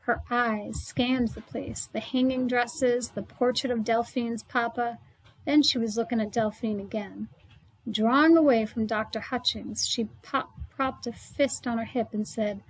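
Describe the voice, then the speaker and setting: A woman reads a children's novel aloud in a steady first-person narration. Her voice sits on the high side, and she stumbles over a word now and then. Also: unhurried, no room sound, rough recording. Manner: steady first-person storytelling with small slips. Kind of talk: read-aloud book narration.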